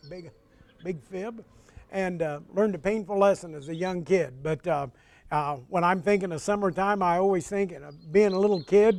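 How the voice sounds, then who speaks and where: Older guy from indiana, high voice, folksy storytelling host, chuckles a lot. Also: darkish tone. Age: 60s. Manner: folksy, reminiscing, chuckles often. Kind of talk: storytelling in casual conversation.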